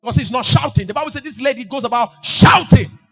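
Male preacher, high and ringing, sing-song delivery that bursts into shouts. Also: fast, faint music behind. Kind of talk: sermon.

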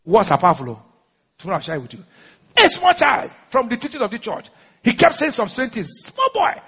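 A man's voice: very high voice, huge pitch swings, fairly quick, fairly bright tone, husky, in a large hall. A man with a Nigerian accent preaching a sermon, urging the congregation to repeat lines and slipping into pidgin. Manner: exhorting, call-and-response, mixes pidgin.

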